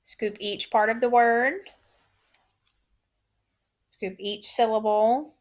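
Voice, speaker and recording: A woman teacher giving a recorded phonics lesson, saying each word twice in slow, drawn-out dictation. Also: a little high, steady tone.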